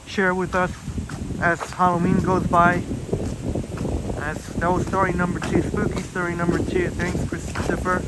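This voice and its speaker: A Canadian man live-streaming on his phone while walking park trails, chatting casually and reading out viewer comments with many fillers. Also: high-pitched. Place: outdoor nature trails in a park. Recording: outdoor noise behind voice.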